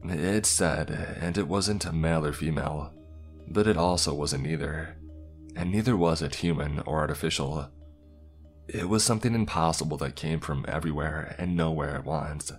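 Deep voiced guy reading a creepy story, quiet music behind. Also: normal speed. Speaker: horror story narrator. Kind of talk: scripted narration.

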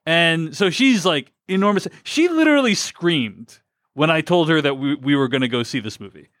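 A man's voice: a little high, expressive, moderate pace, fairly bright tone, no room sound, studio quality. A man co-hosting a film podcast, talking casually and rambling through his thoughts with many fillers and restarts. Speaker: podcast co-host. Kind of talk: casual film review chat.

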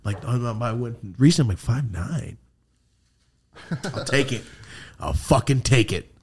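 A man's voice: medium pitch, a little slow, a little hiss or hum. A young man hosting a podcast, telling a story in casual chat, swearing freely and acting out the people he quotes. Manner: animated, profane, acts out quoted voices. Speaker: podcast host.

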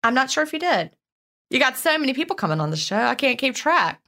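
A woman's voice: high voice, sing-song, fast talker, pushed and bright. A woman co-hosting a podcast, chatting casually and reading listener questions aloud. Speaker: podcast co-host.

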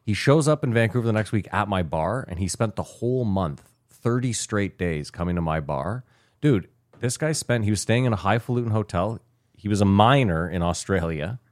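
Deep voice canadian guy in his 30s, swears a lot while he tells a story, super dry sound. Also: moderate pace, no echo. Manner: animated, swearing, anecdotal. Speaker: podcast co-host. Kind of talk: casual podcast chat and storytelling.

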